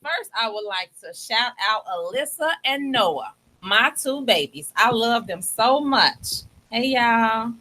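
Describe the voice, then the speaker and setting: A woman's voice: on the high side, animated, slow pace, sharp tone, low-quality recording. A woman from Chicago in her thirties, co-hosting a radio show and promoting an event in an upbeat, inviting way. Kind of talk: casual radio chat. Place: radio studio.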